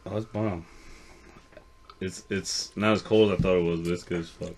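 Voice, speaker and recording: A podcast co-host with a low, steady, darkish voice chats casually at a moderate pace. He's laid-back and swears now and then.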